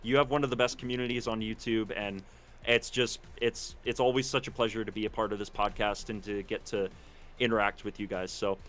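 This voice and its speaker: A man with a bright, forward voice chatting on a gaming podcast. He rambles and pokes fun at himself, stumbling over his first words before his thought takes shape. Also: lowish voice, steady tone, fairly quick, a little hiss or hum. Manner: rambling, self-deprecating, repeats words when starting a thought. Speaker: podcast co-host, gaming content creator. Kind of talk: casual podcast chat.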